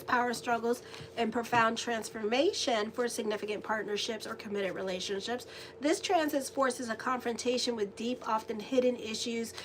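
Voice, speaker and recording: Chatty lady astrologer doing a tarot reading, kinda high voice, faint hiss behind her. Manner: chatty, rambling, laughs easily. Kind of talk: casual horoscope and tarot reading.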